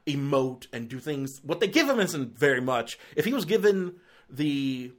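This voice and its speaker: A man's voice: medium pitch, big pitch swings, normal speed. A man giving a casual, rambling film review, often exasperated and filling his talk with "like".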